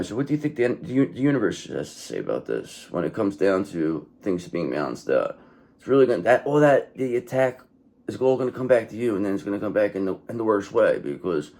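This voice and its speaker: Brief: a low, gravelly man reading tarot, blunt and sweary, with lots of up and down in his voice. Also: a little mellow. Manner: blunt, profane and repetitive, often says okay. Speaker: tarot reader. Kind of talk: casual tarot reading monologue.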